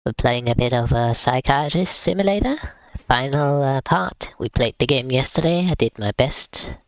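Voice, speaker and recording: A man's voice: mid-range voice, animated, normal speed, clean tone, dry recording. A man streaming a game live, with casual, wry, rambling commentary.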